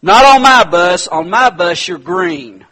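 A man acting out an exasperated, fed-up bus driver who shouts in a raised, husky voice. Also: lively intonation, very fast, poor audio. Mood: exasperated shouting. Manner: shouting, high and loud.

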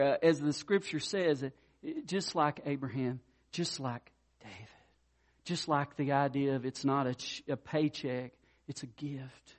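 With a mid-range, slightly mellow voice, this pastor preaches conversationally, using stories to drive his point home and speaking directly to his congregation.

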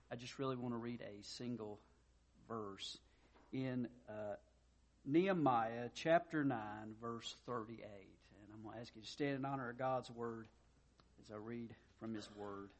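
A pastor preaching a sermon, easing in with a folksy joke before turning to Scripture. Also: male voice, mid-range voice, normal speed.

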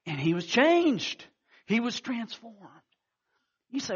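A man's voice: very high voice, very animated, takes it slowly, long pauses, husky, muffled recording. A man preaching a sermon, telling stories with acted-out quotes and frequent restarts. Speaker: pastor.

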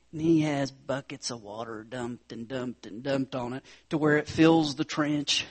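A man preaching a sermon, retelling a scripture story with dramatic swings from loud, emphatic lines to hushed whispers. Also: a little high.

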